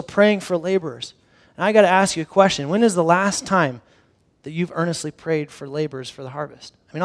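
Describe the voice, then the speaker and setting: High-voiced man preaching conversationally. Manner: conversational, animated, acts out the disciples' reactions. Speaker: pastor. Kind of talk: sermon.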